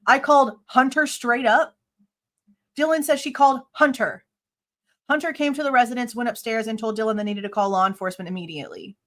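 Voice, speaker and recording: A woman's voice: fairly high pitch, a bit bright. A woman hosting a live true crime reaction show, reading a police report aloud and bluntly arguing with it, swearing casually and sounding exasperated. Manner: blunt, exasperated, sharply skeptical; reads report lines aloud, then argues back at them.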